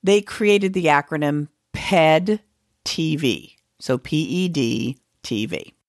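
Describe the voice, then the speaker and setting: A woman's voice: sits low, lively intonation, slow pace, dry recording, clean studio sound. A woman teacher hosting an educational podcast, talking in a conversational way and musing aloud with the odd filler.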